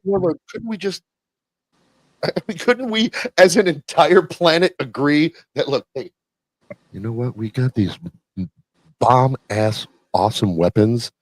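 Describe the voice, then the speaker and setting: A man co-hosting a casual movie podcast, rambling and halting with fillers and crude jokes. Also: mid-range voice, dry recording. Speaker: podcast co-host. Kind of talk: casual chat about movies.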